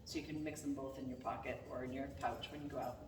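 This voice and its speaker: A woman dog trainer giving a calm, casual lesson, softly praising her dog between explanations. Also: extremely low pitch, fast. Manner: calm, soft-spoken, praises the dog often. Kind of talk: casual instructional talk. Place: indoors at home with a dog. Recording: distant mic in an echoey room with long reverb and noise.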